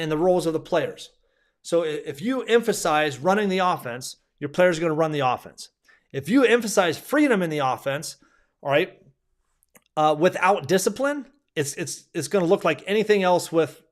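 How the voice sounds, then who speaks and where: A male basketball coach giving a clinic lecture in a conversational way, repeating himself and restarting sentences often. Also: a little high.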